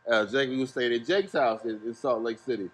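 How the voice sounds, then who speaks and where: A man's voice: mid-range voice, a little fast. Laid-back man from Ohio telling a long story. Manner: laid-back, slangy, rambling anecdote with laughs. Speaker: guest, music manager. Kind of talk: casual podcast storytelling.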